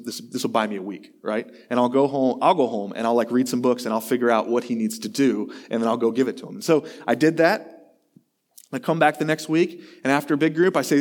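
A man, a pastor, giving a sermon in a conversational, self-deprecating way, telling a long story and acting out the voices in it. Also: mid-range voice.

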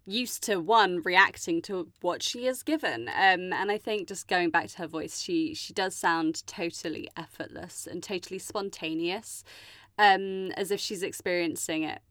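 A woman's voice: fairly low pitch, measured pace, fairly bright tone, dry recording, clean studio sound. A woman interviewer asking thoughtful, slightly hesitant questions in a casual conversation.

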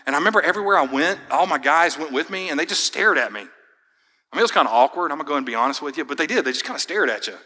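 A man's voice: fairly high pitch, animated, very fast, pushed and bright, slightly rough, big-room sound. A young man preaching a sermon, telling a personal story in a casual, friendly way. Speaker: pastor.

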